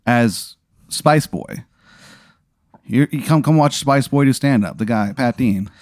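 A man playing along in a casual improvised story, giving short, deadpan replies. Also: medium pitch, a little slow, no echo, clean studio sound. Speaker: player in an improv bit. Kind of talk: casual improvised role-play.

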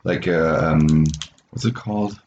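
A man with a very deep voice speaks haltingly, repeating words while he hunts for the right one. The sound is roomy and a little dull, with a faint hiss. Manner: hesitant, stammering, searching for words. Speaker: co-host tasting an advent calendar. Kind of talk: casual chat.

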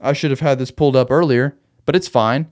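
A man's voice: mid-range voice, steady tone, a little fast, a little mellow. A man hosting a podcast, retelling a Bible story in a loose, chatty way with slangy asides. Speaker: podcast host.

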